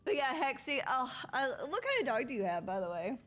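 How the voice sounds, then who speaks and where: A woman streaming a roleplay game, chatting casually to her viewers in an animated, giggly way. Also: sits high, brisk.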